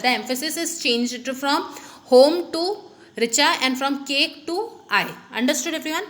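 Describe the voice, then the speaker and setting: A woman's voice: sits high, a little slow, a bit bright. A woman teaching a grammar lesson, explaining step by step and saying "okay" often. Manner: explanatory, repeats "okay" often, many restarts.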